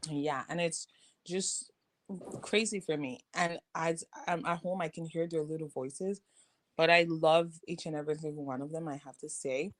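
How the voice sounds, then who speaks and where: A young woman and teacher chatting casually as a podcast co-host, telling animated stories and acting out other people's voices. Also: sits low, moderate pace. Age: young adult. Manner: animated storyteller, acts out voices. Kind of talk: casual chat.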